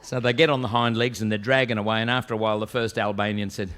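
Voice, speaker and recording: A man's voice: on the low side, little pitch movement, fast talker, a bit bright. An Australian man from Western Australia, telling stand-up jokes and stories and slipping into put-on voices and accents. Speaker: comedian.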